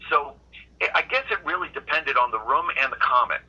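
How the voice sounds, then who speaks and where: Husky middle-aged man from Boston. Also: fairly high pitch, lively intonation, a little fast, bright, forceful tone, highs cut off. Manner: rambling storyteller, frequent restarts. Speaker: guest comedian. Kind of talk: casual interview chat.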